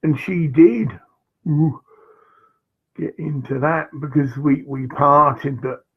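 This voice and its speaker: A man recounts an old story in a slow, meandering way, stopping for asides and fillers. His voice is gravelly and a little husky, heard through a dull, lo-fi recording. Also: on the high side, fairly even intonation. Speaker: vlogger. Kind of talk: rambling personal anecdote.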